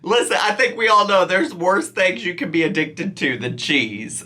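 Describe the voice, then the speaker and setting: A man's voice: high voice, sing-song, a little slow, few pauses, sharp tone. A man hosting comedic reaction commentary, incredulous and teasing, often breaking into laughter. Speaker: reaction channel host.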